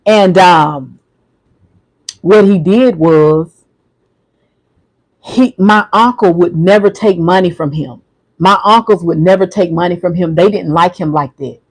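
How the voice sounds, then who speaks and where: Livestream host, male, high voice, soft and halting, repeats himself. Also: rough recording. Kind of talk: emotional livestream monologue.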